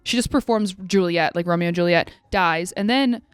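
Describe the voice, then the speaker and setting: A woman co-hosting a podcast in casual chat, retelling a movie plot with lively quoted asides. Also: on the low side, normal speed, smooth, no echo, soft background music. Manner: animated storytelling with quoted asides. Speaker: podcast co-host.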